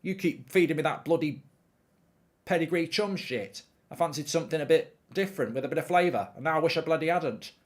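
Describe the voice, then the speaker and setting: A man's voice: on the high side, brisk, close to an everyday voice. A man voicing a hungry male dog that grumbles sarcastically and swears about its food. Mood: grumbling.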